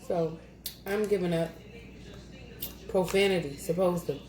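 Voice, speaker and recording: A woman's voice: fairly low pitch, steady tone, a little slow. Chatty woman eating on camera, echoey room. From New Jersey. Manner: chatty, eats between lines, laughs at herself. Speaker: mukbang vlogger. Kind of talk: casual eating vlog chat. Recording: echoey room, audible noise.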